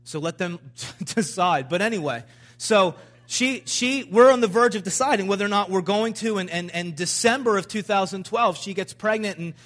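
A man in his thirties preaching, telling a personal story with frequent restarts and rising, animated emphasis. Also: high voice, moderate pace. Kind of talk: sermon storytelling.

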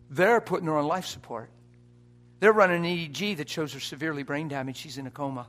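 A man preaching an impassioned sermon, dropping to a hush and rising to shouts. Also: on the high side, fast. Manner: impassioned, swings from hushed to shouting.

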